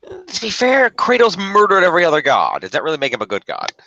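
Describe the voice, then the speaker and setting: A man's voice: high voice, wildly swooping pitch, fast, sharp tone, dull audio. A man co-hosting a casual game review, mostly giving brief replies and asking short questions. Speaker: co-host.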